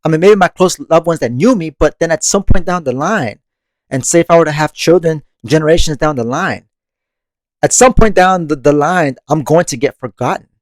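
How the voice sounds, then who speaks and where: A man with a fairly high voice hosts a monthly meditation podcast, talking at a moderate pace with no echo. He reflects on growth casually and conversationally, laughing often and swearing without a second thought.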